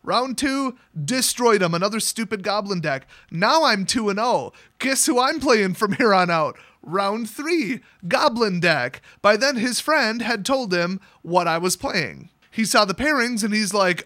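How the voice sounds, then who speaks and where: A man's voice: sits high, lively intonation, a little slow, hardly any pauses, bright, forceful tone. A young man telling a card game story in a casual, sarcastic, exasperated rant. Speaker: card game content creator.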